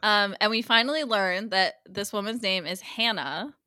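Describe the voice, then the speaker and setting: Bright-toned woman recapping a show. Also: medium pitch, normal speed, no echo, clean studio sound. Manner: animated storyteller, acts out characters' lines. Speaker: podcast co-host recapping a TV episode. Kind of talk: casual chat.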